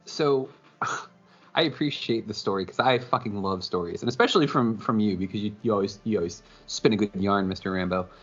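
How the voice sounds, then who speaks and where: Husky-voiced man chatting casually. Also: fairly low pitch, a little fast, a bit bright, lo-fi sound, faint music behind. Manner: laid-back, profane, filler-heavy. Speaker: podcast co-host. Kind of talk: casual chat.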